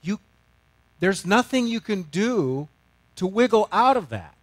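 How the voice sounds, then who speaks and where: A middle-aged male pastor telling a story in a sermon, self-mocking and animated, swinging from loud to hushed. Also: high-pitched, a little slow, dry recording.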